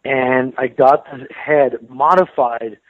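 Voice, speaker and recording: A man's voice: medium pitch, slow pace, no room sound. American man on a tinny phone line. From United States. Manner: relaxed, chatty, laughs often, repeats words. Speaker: interviewed metal guitarist. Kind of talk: casual phone interview.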